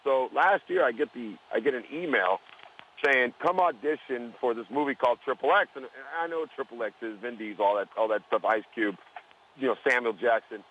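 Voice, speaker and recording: A man's voice: mid-range voice, brisk, phone-quality sound, a little hiss or hum. A man guesting on a radio show, telling stories in a rambling, self-interrupting way while hungover.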